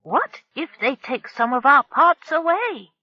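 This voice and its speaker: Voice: high voice, sing-song, a little slow, no echo, highs cut off, voice pushed up. The narrator voicing a fretful, querulous old male alien shipbuilder in an audiobook. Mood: anxious. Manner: querulous, complaining. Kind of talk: audiobook character voice.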